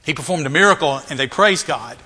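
A man's voice: fairly high pitch, expressive, fast talker, pushed and bright, slightly rough. A male pastor preaching a sermon, asking rhetorical questions and repeating phrases for emphasis, in a church. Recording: reverberant hall.

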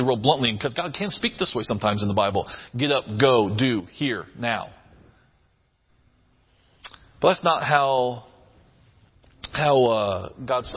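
A man's voice: medium pitch, breathy edge, lo-fi sound. A man preaching a sermon, earnest and emphatic, repeating phrases for weight. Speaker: pastor.

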